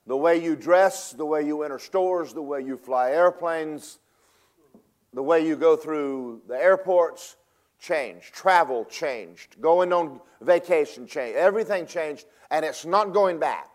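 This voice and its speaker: A man delivers a sermon, his voice sitting a touch higher than most men's. He talks in a folksy, emphatic way, dropping low and quiet, then rising loud, and stretching words out slowly before rushing ahead. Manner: folksy, emphatic, varies loudness and pace for effect. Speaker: preacher.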